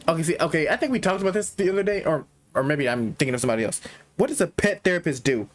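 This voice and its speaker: A male streamer thinks out loud as he reacts to a game, rambling and trailing off in casual talk. His voice rises and falls in a lively way, with faint music under it. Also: a little high, rapid-fire. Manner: rambling, musing with fillers.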